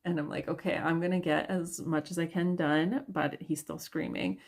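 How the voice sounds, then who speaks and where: Young woman, low creaky voice, unhurried candid mom-vlog chat. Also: steady tone. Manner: chatty, candid, laughs often, many fillers. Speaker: yoga vlogger and mother. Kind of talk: casual confessional vlog talk.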